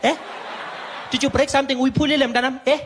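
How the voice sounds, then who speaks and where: A man's voice: very high voice, little pitch movement, slight background noise, voice pushed up. A man voicing a brusque, mocking female hospital clerk who taunts in a sing-song way, live on a comedy stage. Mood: taunting. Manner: taunting, sing-song, tags every line with a drawn-out "eh?".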